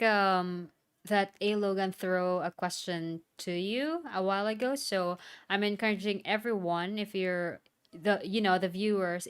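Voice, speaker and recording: Smooth-voiced Filipina woman, laughing host. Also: medium pitch, fairly bright tone. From Philippines. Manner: laughs often, talks straight to viewers. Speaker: livestream co-host. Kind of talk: casual live-stream chat. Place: home in the Philippines.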